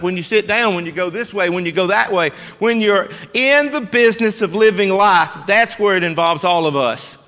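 High-voiced preacher in a reverberant church. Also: male voice. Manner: emphatic, rhetorical questions to the congregation, swings from loud to hushed. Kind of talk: sermon. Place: church sanctuary.

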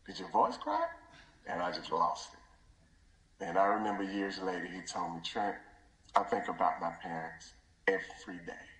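Son delivering a funeral tribute in a church; low, bright voice that keeps breaking into a near whisper; echoey room. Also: male voice.

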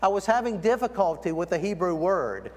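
Brief: male preacher, high voice, storytelling sermon, recorded in a church with a long reverb tail. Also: big pitch swings, darkish tone. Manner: storytelling, slows down to stress key words. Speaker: guest preacher. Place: church sanctuary.

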